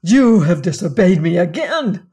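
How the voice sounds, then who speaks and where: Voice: medium pitch, unhurried, darkish tone, natural voice. A storyteller voicing a stern, threatening master. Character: stern, harsh male master, grown man.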